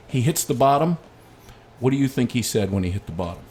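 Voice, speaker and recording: A middle-aged man, a dog trainer, giving a casual lesson and telling lively stories from his own life. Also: medium pitch, a little fast, slight background noise. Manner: storytelling with lively anecdotes. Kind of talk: casual instructional talk.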